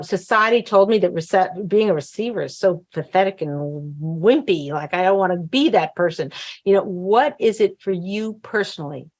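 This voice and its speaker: A woman hosting a talk show, coaching in a casual chatty way, often acting out what wives and husbands might say. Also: mid-range voice. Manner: chatty, acts out quoted voices, frequent fillers and restarts.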